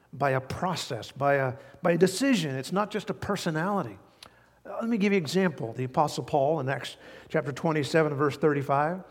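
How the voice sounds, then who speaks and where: A man preaching a sermon in a church sanctuary, his voice sitting a little high for a man. He is animated and drawn out on the words he wants to land, and a long hall reverb trails behind every phrase. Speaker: pastor.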